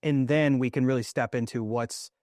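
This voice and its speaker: A man's voice: medium pitch, steady tone, normal speed, darkish tone, no room sound, studio quality. A man hosting a conversational podcast, talking in a reflective, rambling way with lots of "right?" asides. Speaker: podcast host. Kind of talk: casual conversational interview.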